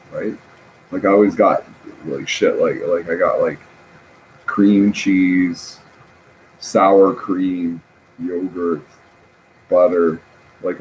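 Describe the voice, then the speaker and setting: A man's voice: deep voice, darkish tone, slight background noise, rough recording. A man rambling through a casual, profane, self-mocking story with lots of fillers and restarts. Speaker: vlogger.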